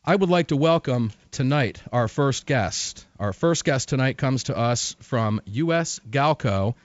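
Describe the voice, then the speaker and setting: A male radio talk show host with an emphatic, conversational delivery, repeating key phrases to drive them home. His voice sits at an ordinary middle pitch and sounds dry and close. The broadcast audio is dull and muffled. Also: animated, a little slow, no room sound.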